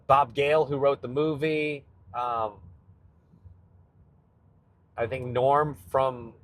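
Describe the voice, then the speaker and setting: A male comedian hosting his own show, chatting casually and rambling about a film's guitar with nerdy enthusiasm, often cutting himself off mid-sentence. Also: mid-range voice. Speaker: comedian podcast host. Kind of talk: casual solo chat. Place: in a car on a road trip.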